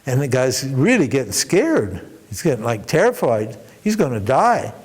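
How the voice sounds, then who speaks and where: A man teaching at a spiritual workshop, telling a parable with animated delivery and frequent restarts. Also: medium pitch, moderate pace, breathy edge. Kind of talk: storytelling in a workshop talk.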